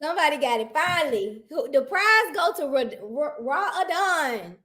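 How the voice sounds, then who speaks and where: A woman in casual livestream chat, animated and teasing, repeating herself for emphasis. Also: sits high, unhurried.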